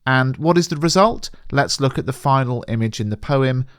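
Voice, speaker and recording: Male teacher, scripted revision lesson, measured and clear, slows for quotes; dry booth sound. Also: mid-range voice, animated, no room sound. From England. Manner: clear, measured explanation, slowing to read quotations.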